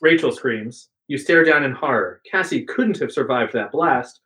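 A host reading an adventure book aloud with dramatic narration and mouth sound effects. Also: male voice, medium pitch, animated, moderate pace, bright, forceful tone, poor audio.

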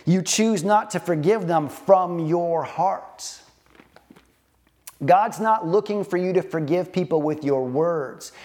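A man preaching a sermon, earnest and slow, repeating phrases with emphatic pauses. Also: fairly high pitch, a little mellow. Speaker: pastor.

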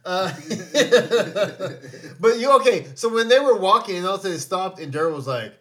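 A man's voice: high voice, expressive, normal speed, pushed and bright. A man co-hosting a casual podcast, recapping a TV episode with jokes and swearing, acting out the characters' lines. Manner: profane, joking, acts out characters' lines. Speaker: podcast co-host.

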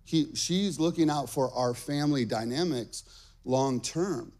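Animated man preaching a sermon. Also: mid-range voice, measured pace. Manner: animated storytelling with frequent "okay?" asides. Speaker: pastor. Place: church stage.

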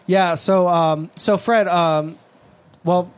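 A man's voice: high-pitched, fairly even intonation, slow, clean tone. A man co-hosting a casual podcast, laid-back, laughing a lot and swearing. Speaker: podcast co-host.

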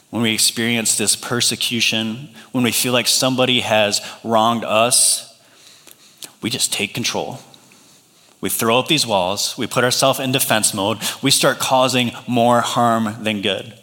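A man's voice: fairly low pitch, pushed and bright. A man in his thirties preaching a sermon, telling a family story and acting out the voices in it. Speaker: pastor. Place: large church hall. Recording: long hall reverb.

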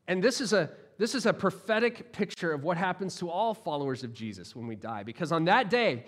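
A man's voice: high voice, a bit bright. A man, a pastor, delivering a sermon in a conversational, playful way with frequent restarts.

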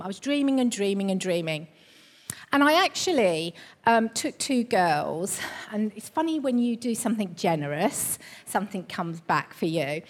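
A middle-aged woman preaching a sermon, telling stories in a conversational way and building to emphatic high points. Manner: conversational storytelling with rising emphasis. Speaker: church preacher.

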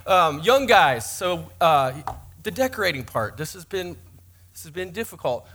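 A man in his forties preaching a sermon in church, his voice pitched high and bright. He tells his stories with a joking, self-mocking edge. It has the easy, teasing tone of a pastor talking to his congregation. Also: sing-song, normal speed, slight background noise.

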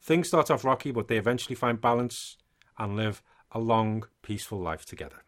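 A man's voice: lowish voice, brisk. A man co-hosting a casual podcast, reading notes with chatty asides. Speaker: podcast co-host.

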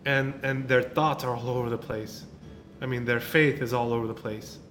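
A man's voice: mid-range voice, steady tone, normal speed, fairly bright tone, slight background noise. A male pastor preaching an informal sermon, talking in a casual way with restarts and many tag questions. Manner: conversational, repeats words, many tag questions.

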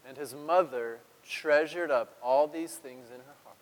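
A man's voice: a little high, a little slow, in a large hall, poor audio. A male pastor giving a playful, conversational sermon in a church, chuckling often and speaking straight to the congregation.

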